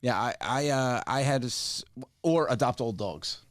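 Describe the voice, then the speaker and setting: A man's voice: medium pitch, lively intonation, normal speed, dry recording, clean studio sound. A man in his forties co-hosting a podcast, chatting casually and laughing often. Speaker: podcast co-host.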